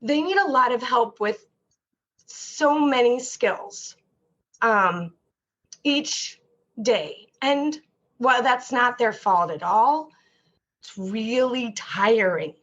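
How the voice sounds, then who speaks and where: A woman's slightly high, slightly bright voice moves slowly, with lively intonation and long pauses. She's a therapist guesting on a candid interview, speaking openly and at length with many fillers and restarts, and the audio is dull lo-fi.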